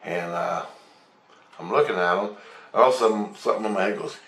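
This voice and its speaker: A man telling a rambling story of a vision, excitable, swearing and acting out voices. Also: lowish voice, brisk, creaky. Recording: roomy, distant from mic.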